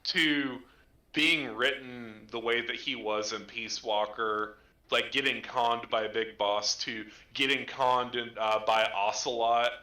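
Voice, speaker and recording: A man rambling excitedly through game lore in casual chat, full of fillers. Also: medium pitch, takes it slowly. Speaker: co-host. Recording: echoey room.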